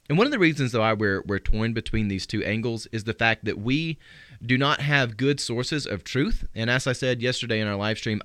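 A male pastor giving a live-streamed sermon, answering questions sent in by listeners and reading scripture slowly for emphasis. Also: lowish voice, fairly bright tone, no room sound. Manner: earnest, reflective, quotes scripture with slowed emphasis.

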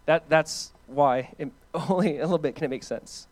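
A man preaching a sermon as pastor, in a conversational, animated way that swings from loud emphatic lines to hushed ones and repeats phrases for emphasis. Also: a little high, moderate pace. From United States.

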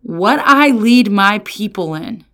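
A woman pastor giving a casual Bible lesson, lively and often slipping into sarcastic quoted voices. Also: mid-range voice, slow pace. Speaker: pastor and resident theologian.

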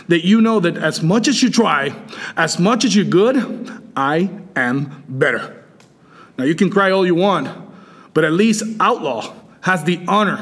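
A man's voice: high voice, a bit bright. Irate man cutting a wrestling promo. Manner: irate, taunting, insistent. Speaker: wrestling champion guest. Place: bar and grill.

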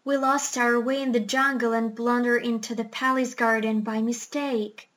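A woman reading aloud, voicing a clever scheming female parrot in a hushed, conspiratorial way. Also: fairly high pitch, flat delivery, moderate pace, natural voice.

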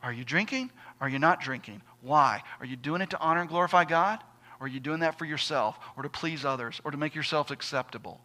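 A male pastor delivers an emphatic sermon, throwing rhetorical questions at his congregation. His voice is high and his tone sharp.

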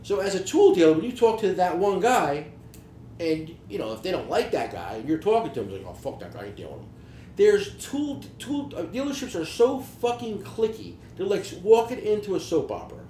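A man hosting a podcast, swearing freely through lively, animated stories about his tool business. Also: sits high, moderate pace. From New Jersey. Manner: profane, animated storytelling. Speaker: podcast host, tool dealer. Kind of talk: casual podcast chat. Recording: roomy echo, faint background hiss.

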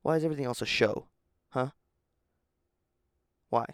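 A man's voice: medium pitch, normal speed, no room sound, clean studio sound. A man hosting his own podcast alone, rambling casually and mocking himself with plenty of swearing, sounding tired early in the morning. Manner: rambling, self-deprecating, profane. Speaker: podcast host.

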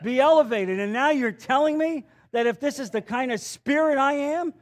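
A man's voice: extremely high pitch, normal speed, pitched above the performer's own voice. A man voicing a disappointed male churchgoer who complains in a self-pitying way. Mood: grumbling.

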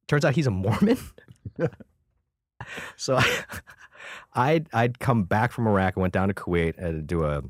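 Lively storytelling man, dry studio sound. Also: on the low side, normal speed, long pauses, no echo. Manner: swears freely, acts out other people's lines. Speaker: guest comedian and combat veteran. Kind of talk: animated storytelling in a conversation. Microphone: studio microphone.

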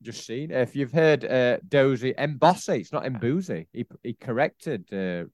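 A man's voice: medium pitch, expressive, unhurried, a little mellow, dry recording, studio quality. A man co-hosting a casual football podcast, rambling and teasing his co-host with frequent laughs.

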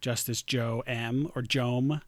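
A man's voice: medium pitch, fairly even intonation, slow pace, no room sound, clean studio sound. A young man from Long Island, co-hosting a casual podcast chat in a joking, self-deprecating way that wanders into tangents. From Long Island, New York. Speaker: podcast co-host.

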